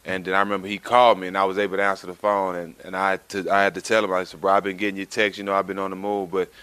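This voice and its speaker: A man talks earnestly in a casual podcast conversation, restarting his sentences often. His voice is low but bright and crisp, and he talks quickly. The sound is dry and close. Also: level tone, dry recording. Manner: earnest, repeats himself. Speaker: co-host and older mentor figure.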